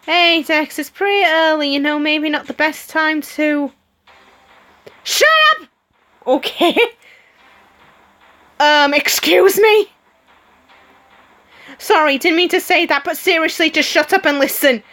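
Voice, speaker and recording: A woman's voice: high-pitched, steady tone, measured pace, bright, forceful tone. A woman streamer reading a story game aloud, giggling and adding her own comments between the lines. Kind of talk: reading game dialogue aloud with playful voices.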